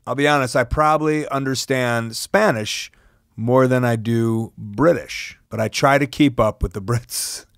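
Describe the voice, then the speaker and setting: A man's voice: medium pitch, a little slow, fairly bright tone, no echo, studio quality. An American man hosting a podcast, joking around, laughing easily and reading an ad in a casual chatty way. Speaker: podcast host. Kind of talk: casual chat and sponsor read.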